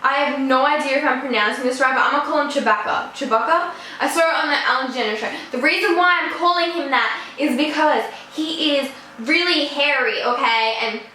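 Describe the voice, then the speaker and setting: Teen girl vlogger, high and bright, chatty storytime, echoey room. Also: a little hiss or hum. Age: teens. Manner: chatty, rambling, full of "like". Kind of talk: casual storytime.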